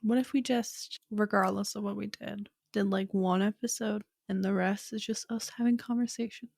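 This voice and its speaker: A woman's voice: mid-range voice, fairly even intonation, moderate pace, creaky, darkish tone, dry recording, studio quality. Joking podcast co-host woman. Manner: joking, slips into put-on accents. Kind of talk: casual chat.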